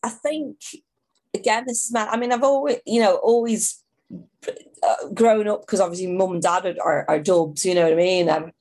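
A middle-aged woman with a Dublin Irish accent, touched by Liverpool, chatting as an interview guest and telling lively anecdotes with many restarts. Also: medium pitch, normal speed. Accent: Dublin Irish with a Liverpool tinge. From born in England, raised in Dublin. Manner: animated, acts out voices in her anecdotes, frequent restarts. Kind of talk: conversational storytelling.

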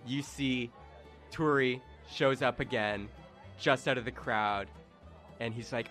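A man narrating as game master, relaxed and rambling with fillers. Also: mid-range voice, slow, long pauses, soft background music.

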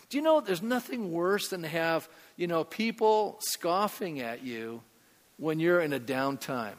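High-voiced pastor preaching in a hall. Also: male voice, lively intonation, a little slow. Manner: conversational, asks the congregation questions. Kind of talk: sermon.

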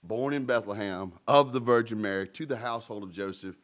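A man's voice: on the low side, fairly quick. A man preaching a sermon in a conversational way, with playful asides and emphatic peaks. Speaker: pastor.

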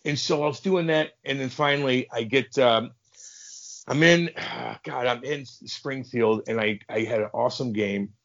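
Speaking a little slowly with vocal fry, this man's medium-pitched voice comes through a recording with the highs cut off. He's a podcast guest and ex-hockey enforcer, swearing freely and animatedly as he tells casual stories and mimics the people in them.

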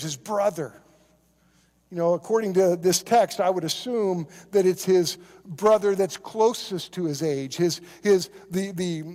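High-voiced preacher in a reverberant hall. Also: male voice, darkish tone. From Oklahoma. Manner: earnest, repeats words on restarts, acts out quoted voices. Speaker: pastor. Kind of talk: sermon.

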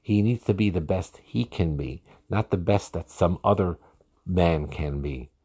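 Very deep husky man giving marriage advice. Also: a little slow, warm tone. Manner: earnest, repetitive emphasis. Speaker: marriage counselor. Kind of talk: podcast lecture on marriage.

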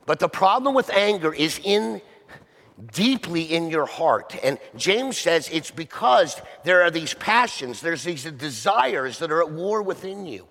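A man's voice: a little high, sing-song, measured pace, gravelly, a bit bright, long reverb tail. A male pastor preaching a sermon conversationally, often asking the listeners rhetorical questions.

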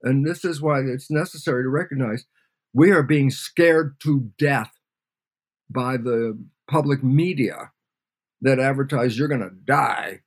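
A man's voice: mid-range voice, a little slow. Older guy explaining science in an interview, acts out little back-and-forth conversations. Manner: acts out both sides of imagined dialogues, animated. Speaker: guest scientist. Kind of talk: storytelling lecture in an interview.

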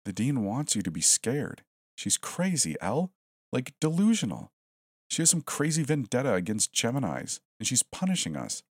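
A man's voice: medium pitch, very animated, moderate pace, breathy edge, no room sound, studio quality, voice pushed up. A man voicing a cornered, defiant college student in a horror story, speaking in a raised, incredulous, pleading voice.

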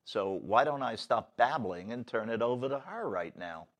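A man's voice: mid-range voice, animated, moderate pace. A man hosting a casual political talk show, rambling and blunt in a folksy way. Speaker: show host.

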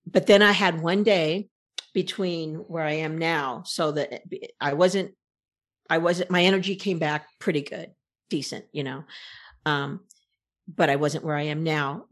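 Animated, rambling woman. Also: sits low. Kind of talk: casual conversation.

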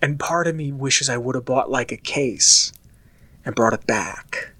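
A man's voice: medium pitch, a little slow, fairly bright tone, dry recording. A young American man in casual, rambling monologue, talking chattily with lots of filler words. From United States.

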